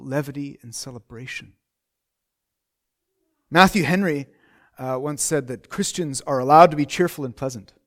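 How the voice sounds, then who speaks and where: A man's voice: mid-range voice, fairly bright tone. A middle-aged man preaching a sermon in a conversational way, repeating phrases and asking rhetorical questions.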